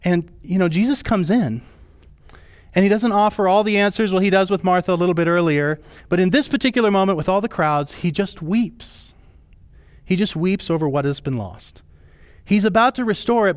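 A man preaching a sermon as pastor, his voice rising high and falling low for emphasis. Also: no echo.

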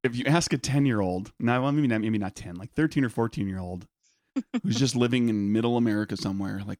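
A man's voice: on the low side, fast, a little mellow, dry recording, clean studio sound. A man co-hosting a podcast in casual chat, laughing often and rambling on. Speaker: podcast co-host.

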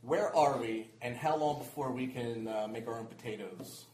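A man's voice: mid-range voice, moderate pace, a little mellow, slight background noise. A man hosting a casual chat, joking and steering the talk to new questions. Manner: jokey, steers the conversation. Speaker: podcast host. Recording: echoey room.

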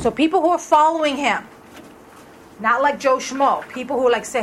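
A woman's voice: sits high, expressive, normal speed, slight background noise, low-quality recording. A woman leading a Bible study in a conversational way, asking the group questions as she reads through verses. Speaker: Bible teacher.

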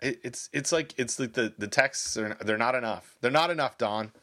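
A man's voice: mid-range voice, normal speed, bright, forceful tone, no room sound, clean studio sound. A man co-hosting a podcast from his home office, chatting playfully and rambling with jokes. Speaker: podcast co-host. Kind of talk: casual chat. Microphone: held close to the mouth.

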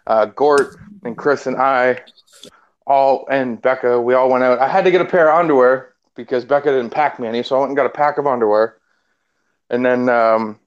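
A man with a lively, profane, laughing way of talking, telling a casual story on a podcast and acting out what others said. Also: mid-range voice. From Canada. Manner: animated, profane, laughs often, acts out quotes. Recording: dull lo-fi sound.

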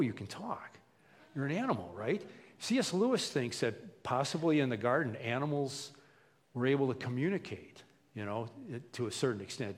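A man preaching a sermon as a pastor, animated and conversational, often acting out the people he quotes. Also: medium pitch. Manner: animated, acts out quotes in voices. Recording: long hall reverb.

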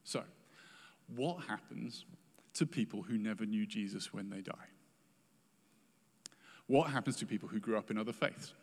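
A man's voice: fairly low pitch, normal speed, long pauses, husky, in a large hall. A man preaching a sermon in an earnest, emphatic way, acting out quoted prayers and words.

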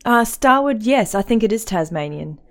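A woman hosting a podcast, chatting casually and telling lively stories about trips and whiskey. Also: mid-range voice, moderate pace. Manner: chatty, animated storyteller. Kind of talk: casual chat.

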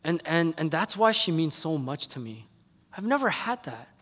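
A man's voice: on the high side, sing-song, moderate pace, fairly bright tone. A man preaching a sermon as pastor, telling a personal story in an earnest way and pressing his church with heartfelt appeals. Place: church sanctuary. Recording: long reverb of a hall.

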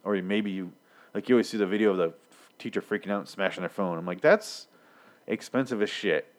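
A man's voice: low voice, fairly even intonation, fast talker, darkish tone. A man in his thirties giving a rambling, profane casual recap of a TV episode, slipping into characters' lines. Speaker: show recapper.

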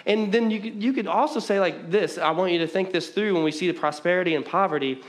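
A middle-aged male pastor from the American Midwest preaches to a church hall in a slightly high voice. He talks fast and conversationally, often restarting and repeating his words. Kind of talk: sermon.

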